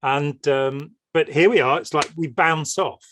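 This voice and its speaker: A man's voice: fairly high pitch, measured pace, a bit bright, a little hiss or hum. A man speaking as a podcast guest in a discursive, meandering way, with many ums, often acting out quotes. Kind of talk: conversational interview chat.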